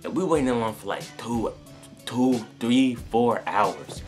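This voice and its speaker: A man's voice: medium pitch, a little slow, a little mellow, faint music behind. A young man from North Carolina, rambling through a casual story to camera with many fillers and restarts. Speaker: sneaker vlogger.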